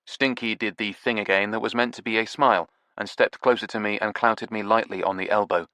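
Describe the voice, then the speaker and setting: A man narrating a cosy mystery audiobook in the first person, wry and understated. His voice sits fairly low. The sound is close and dry, with no room around it. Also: steady tone, a little fast, bright, forceful tone, no room sound.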